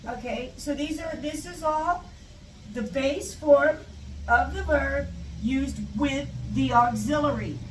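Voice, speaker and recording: In a chatty live lesson, a woman with a high voice teaches English to Spanish speakers, taking her time, drifting into tangents and repeating example questions. The audio is staticky and echoey, with the mic placed far away.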